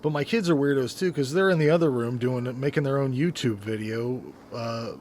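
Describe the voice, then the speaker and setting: A man's voice: mid-range voice, normal speed, a little mellow, a little hiss or hum. A middle-aged man co-hosting a podcast from his bedroom, laid-back and swearing, with hesitant restarts. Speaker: podcast co-host. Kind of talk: casual chat. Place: bedroom at home.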